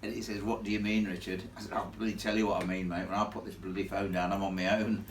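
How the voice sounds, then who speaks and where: A man telling a ghost story live to an audience in a chatty, animated way, laughing along with the crowd. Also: on the low side, fast talker, slight background noise. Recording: echoey room, from far off.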